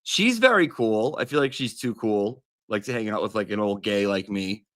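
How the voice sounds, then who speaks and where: A man's voice: fairly low pitch, animated, normal speed, a bit bright, no echo, studio quality. A man with a gossipy, sassy, rambling manner, talking casually as a teacher-like persona on a comedy livestream.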